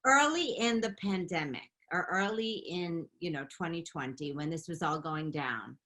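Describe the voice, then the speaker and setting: A middle-aged woman telling stories in a casual interview, animated and quick to laugh. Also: deep voice. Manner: animated, laughing, chatty storytelling. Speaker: interview guest, makeup artist and beauty founder.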